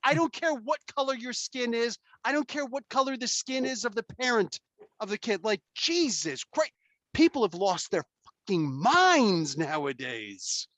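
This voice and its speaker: A man hosting a casual podcast chat, telling stories in an animated, emphatic way and swearing freely. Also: very high-pitched, unhurried, no echo. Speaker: podcast host.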